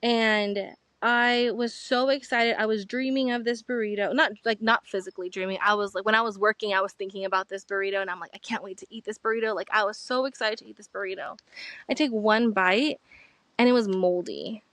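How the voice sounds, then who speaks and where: A woman's voice: medium pitch, brisk, a bit bright, no echo. A young woman hosting a podcast, telling a rambling, chatty story as she talks outdoors on a rock at the end of a trail. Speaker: podcast host. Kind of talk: casual vlog monologue.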